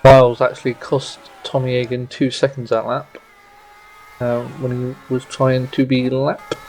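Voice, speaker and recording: A man co-commentating an online sim race in a relaxed, easygoing way. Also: medium pitch, a little slow, a little hiss or hum.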